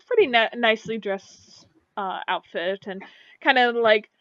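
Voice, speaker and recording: A woman's voice: medium pitch, smooth, no echo. A woman running a tabletop game as game master. She narrates hesitantly and fills gaps with "kinda, like.". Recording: dull lo-fi mic.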